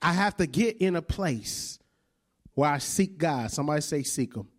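A man's voice: on the high side, expressive, moderate pace. A male preacher in his thirties giving a conversational sermon, often checking in with "right?" and laughing along with the congregation.

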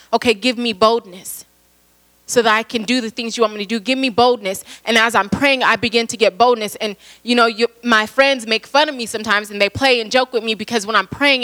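A woman's voice: on the high side, sharp tone, poor audio. Earnest woman preaching a sermon. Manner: earnest, repeats phrases, many fillers.

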